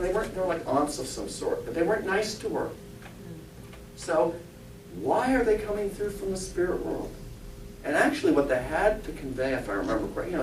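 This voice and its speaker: A man speaks to a congregation in a church, his fairly high voice rising and falling freely as he jokes and asks the audience questions. He was recorded from a distant mic, so the voice rings in a roomy hall over a faint hiss. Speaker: spiritualist minister and medium. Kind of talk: informal talk to a congregation.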